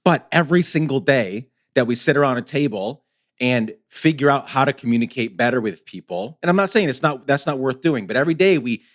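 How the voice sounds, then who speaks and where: Passionate, emphatic podcast host, a man. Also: mid-range voice. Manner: passionate, emphatic, building to loud urgency. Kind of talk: casual conversation.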